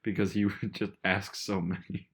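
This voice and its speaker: A young man with a fairly low voice chats casually on a podcast. He talks in a laid-back, hesitant way, trailing off and circling back while he tells a story. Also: level tone, moderate pace, a bit bright, breathy edge. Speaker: podcast co-host. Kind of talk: casual chat.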